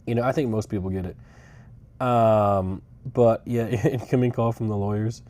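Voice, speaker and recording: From the seat of a rental car on a road trip, a young man chats on a livestream in a rather low, warm voice with fairly even intonation and a moderate pace. He wanders from topic to topic, cursing and offering dry sarcasm.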